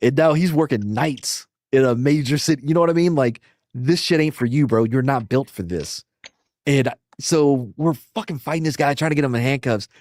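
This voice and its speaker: A man casually telling profane, animated stories and acting out the quotes, as a podcast host. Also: a little high, brisk, dry recording, studio quality. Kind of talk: casual storytelling.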